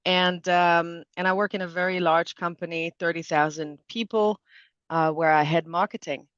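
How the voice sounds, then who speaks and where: A man in his thirties from Canada, speaking as the guest expert in a relaxed interview, pausing often with fillers and restarts. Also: a little high, smooth, dry recording. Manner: thoughtful, with frequent fillers and restarts. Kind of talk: conversational interview. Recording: dull, dry lo-fi sound.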